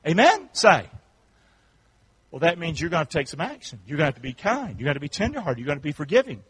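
A man pastor preaching a sermon, calling out to his congregation and swinging from quiet asides to shouts. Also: a little high, very animated, fast, husky. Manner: call-and-response preaching, swings from hushed to shouting. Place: church sanctuary.

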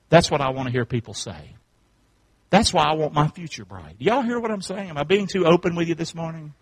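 A man pastor preaching a sermon, calling out to his congregation and swinging from quiet asides to shouts. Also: a little high, animated, fairly quick, husky. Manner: call-and-response preaching, swings from hushed to shouting. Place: church sanctuary.

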